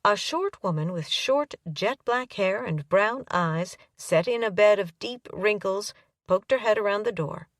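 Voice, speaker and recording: A woman's voice: medium pitch, animated, measured pace, no room sound, studio quality, far from the mic. A woman reading a romance audiobook aloud, giving the characters light voices of their own. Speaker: audiobook narrator. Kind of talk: scripted narration.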